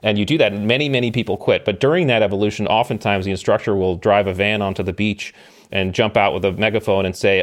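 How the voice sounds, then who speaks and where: A middle-aged man telling an animated story as a podcast guest, with emphatic delivery and ready laughter. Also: on the low side, fast talker. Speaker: podcast guest, former special operations member. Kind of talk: storytelling in casual conversation.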